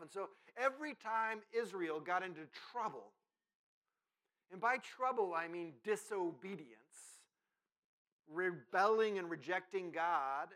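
A male pastor preaching a sermon with a bright, forceful tone and a fairly high voice. He talks conversationally, slips into playful sarcasm and acts out little asides.

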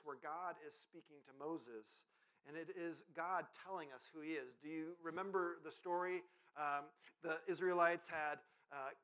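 Bright-voiced male pastor preaching conversationally. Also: a little high. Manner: conversational preaching with playful sarcasm and lively acted asides. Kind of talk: sermon.

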